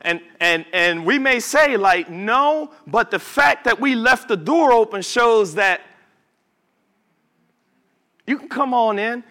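A male pastor preaching a sermon to a congregation at a church service. He stretches words out for emphasis, breaks into sudden shouts and drops into casual asides to the listeners. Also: very high-pitched, animated, takes it slowly, pauses often.

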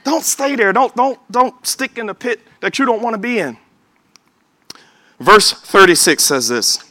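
High, lively preacher man. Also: unhurried. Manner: emphatic, calls for amen, bursts of shouting. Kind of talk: sermon.

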